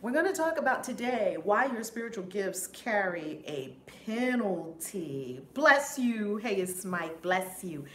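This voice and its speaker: A woman's voice: medium pitch, sing-song, a little slow, few pauses, a bit bright. Woman reverend live-streaming, upbeat and effusive, echoey room, faint background noise. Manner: effusive, upbeat, repeats greetings. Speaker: reverend and spiritual teacher. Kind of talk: live-stream chat, greeting viewers.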